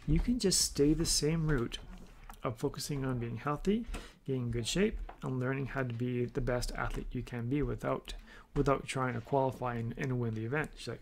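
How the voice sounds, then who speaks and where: Gravelly-voiced man coaching by story. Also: mid-range voice, a little fast, slight background noise. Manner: storytelling, acting out quoted dialogue. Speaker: triathlon coach and podcast host. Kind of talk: casual solo podcast talk.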